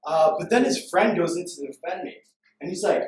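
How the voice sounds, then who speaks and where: A young man from Canada giving a playful, self-deprecating story-driven pitch presentation to a room. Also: animated, normal speed, a little mellow, recorded from a distance. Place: room full of people. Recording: echoey room recorded from afar.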